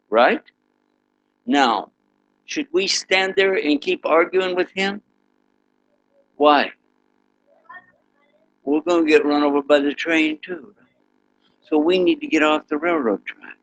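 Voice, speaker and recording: The audio is poor, with a little hiss or hum, and the man's voice sits a bit high. He's an Islamic preacher teaching students through an interactive story, delivered with animation as he leads sound effects and questions the audience.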